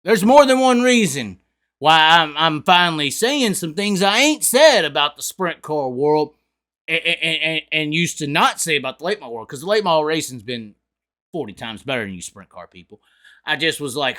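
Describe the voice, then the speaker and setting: Brief: a drunk, profane vlog host with a high, bright voice, heated and mocking. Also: male voice, lively intonation, normal speed.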